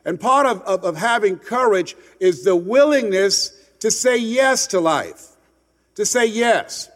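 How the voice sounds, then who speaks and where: A man from Miami giving an impassioned motivational speech, repeating words for emphasis and dropping to a hush for stories. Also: high-pitched, lively intonation, a little slow, in a large hall. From Miami, United States. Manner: emphatic, repeats words, swings from loud to hushed storytelling. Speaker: motivational speaker.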